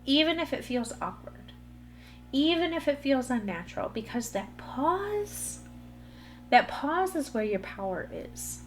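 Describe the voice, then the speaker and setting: Speaking a little slowly in a high, sing-song voice, a woman coaches her listeners earnestly on her own motivational podcast. Gentle background music accompanies her.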